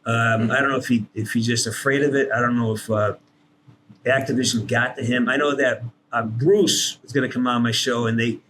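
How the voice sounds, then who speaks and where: A man, a guest voice actor, telling stories on a podcast in an animated way, swearing freely and acting out what people said. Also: mid-range voice, brisk, a little hiss or hum. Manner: animated, swears freely, acts out quoted lines. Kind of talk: casual podcast storytelling.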